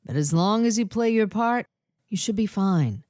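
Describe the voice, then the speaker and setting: A calm, businesslike male spy handler , as a woman reads him in an audiobook. His lines are delivered with a lively, varied pitch and sit in a dry, close recording. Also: normal speed, dry recording, natural voice.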